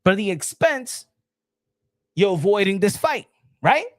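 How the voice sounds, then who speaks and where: High-voiced man ranting about boxing. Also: measured pace, no room sound. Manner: animated and repetitive, many restarts and rhetorical questions. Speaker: boxing commentator. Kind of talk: casual commentary.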